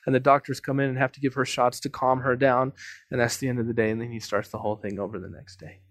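A man preaching as pastor, telling a story earnestly and swinging from emphatic lines to hushed ones. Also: mid-range voice, steady tone, fast, dry recording, studio quality. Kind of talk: sermon. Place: church.

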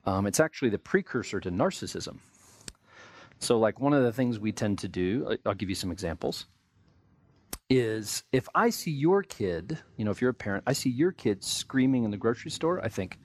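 Lively American man preaching. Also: mid-range voice, normal speed. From United States. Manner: conversational, acts out everyday voices in quotes. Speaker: pastor. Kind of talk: sermon.

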